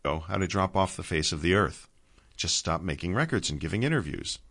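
A man's voice: low-pitched, animated, fairly quick, fairly bright tone, husky, full character voice. A man voicing a blunt, devoted old man over 60 in a storybook reading. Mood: earnest. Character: old man, devoted, gruff, loving friend.

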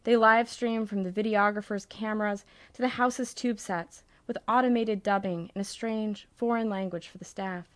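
Woman audiobook narrator, measured and wry, dry sound. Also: mid-range voice, dry recording.

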